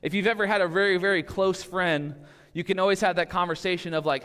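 A man's voice: high-pitched, fairly even intonation, quick pace, a bit bright, clear, resonant tone. Conversational male pastor in a reverberant church. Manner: casual and conversational, often checks in with "all right?" and "okay?". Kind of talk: sermon. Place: church sanctuary.

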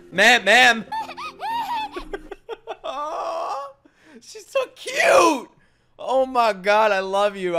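A man hosting an anime reaction video in casual commentary, excitable and talking straight to his viewers, swearing freely and laughing often. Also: high-pitched.

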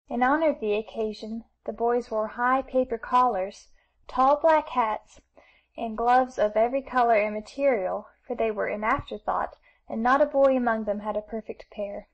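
A woman narrating a classic novel as an audiobook reader, in a steady storytelling manner. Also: fairly high pitch, moderate pace, rough recording.

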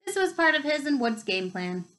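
A woman reads a novel aloud, her voice set somewhat high. She tells it expressively, lifting her pitch with the action. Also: very animated, moderate pace, a bit bright, poor audio. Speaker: reader.

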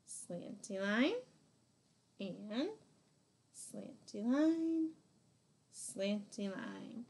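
Teaching phonics to young children, a woman sounds out every letter and praises them encouragingly. Her delivery is slow, patient and mid-pitched.

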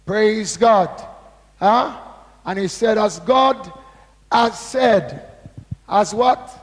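Male pastor, very high voice, gravelly edge, slow emphatic sermon, ringing church hall. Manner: slow, emphatic preaching, asks the congregation to repeat words; reads scripture aloud with drawn-out stress. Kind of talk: sermon with call-and-response.

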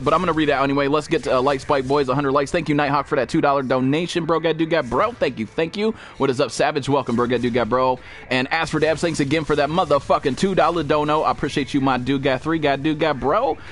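A man streaming a survival game live, cursing and yelling to his chat and teammates for help, then reading out donations. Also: on the high side, fast, few pauses. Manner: panicky, profane, yelling for help. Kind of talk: live gameplay commentary.

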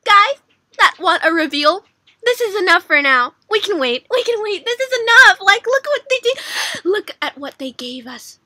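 A young woman hosting a reaction video, gushing and giggling with excitement. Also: very high voice, moderate pace, no room sound, clean studio sound.

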